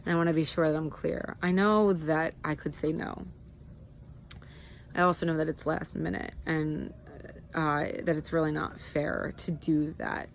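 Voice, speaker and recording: A woman's voice: deep voice, flat delivery, a little slow, vocal fry, a little hiss or hum. A woman in her thirties talking candidly in a casual personal vlog, rambling with fillers and restarts. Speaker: vlogger.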